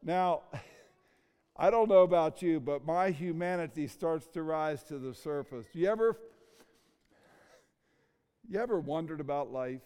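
A middle-aged male pastor delivers a slow, deliberate sermon, full of rhetorical questions and heartfelt pauses. His voice sits high for a man and comes through smooth and resonant. The sound rings with the long reverb of a large sanctuary. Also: dark tone. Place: church sanctuary.

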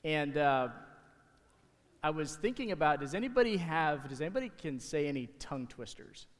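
A man talking to the kids in church, giving a casual, halting object lesson from the stage. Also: a little high, big pitch swings. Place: church sanctuary. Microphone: handheld or stage mic. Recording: hall reverb in a sanctuary.

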